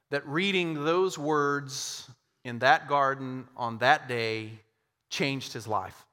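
A man telling a church history story as part of a sermon, with slow, dramatic pauses. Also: on the high side, sharp tone, in a large hall.

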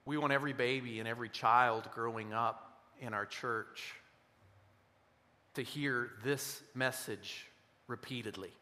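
A man preaching a sermon in a church, earnest and slowing down to stress key words. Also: medium pitch, steady tone, bright, forceful tone, big-room sound. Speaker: pastor. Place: church sanctuary.

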